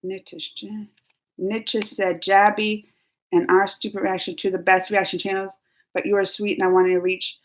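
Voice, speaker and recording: A woman's voice: medium pitch, level tone, moderate pace. A woman hosting a casual live stream, chatting and giggling as she reads viewer comments aloud. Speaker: YouTube reaction host.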